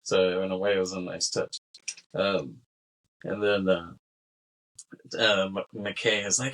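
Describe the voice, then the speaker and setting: This co-host's voice is low, steady and fairly bright, and he speaks unhurriedly with frequent pauses as he casually recaps a film scene by scene on a podcast. He acts out quotes from the characters and laughs between them in a rambling way, and the recording is rough.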